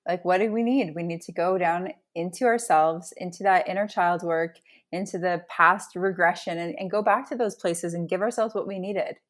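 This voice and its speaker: A woman's voice: lowish voice, fairly even intonation, moderate pace. A woman in a casual spiritual chat, talking emphatically and building intensity as she tells her stories. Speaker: podcast guest.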